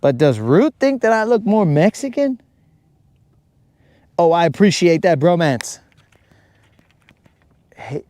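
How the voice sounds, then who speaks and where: A man's voice: high-pitched, sing-song, darkish tone, dry recording. A man from the United States hosting a fishing livestream, chatting casually with viewers in a rambling, joking way. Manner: rambling, joking, drawn-out teasing. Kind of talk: casual chat reading live comments.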